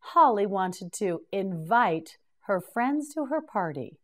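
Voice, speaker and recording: In a mid-range, very animated, fairly bright voice, a middle-aged woman runs a slow, scripted pronunciation drill of English vocabulary. She is patient and encouraging, repeating each word slowly several times and praising the learner.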